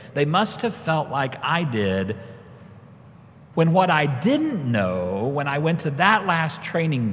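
A man's voice: a little high, a little hiss or hum. Man preaching in a reverberant hall. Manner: storytelling, rises when quoting himself. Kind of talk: sermon. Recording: long reverb of a large hall.

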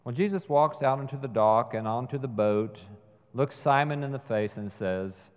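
A man preaching a sermon, retelling a film scene slowly and measuredly. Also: medium pitch, clean tone. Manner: slow, measured storytelling with acted quotes. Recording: dull sound with long hall reverb.

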